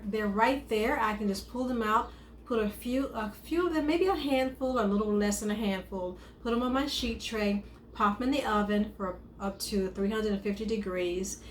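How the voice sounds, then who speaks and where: A woman who is a chef and wellness coach, giving casual advice on eating, often repeating and rephrasing her points. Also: on the high side. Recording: echoey room with faint noise.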